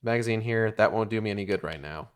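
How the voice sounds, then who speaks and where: A man with a fairly low, smooth voice talks fast while streaming a video game live. He chats casually, swears as he plays, and thinks aloud with plenty of fillers in his gameplay commentary.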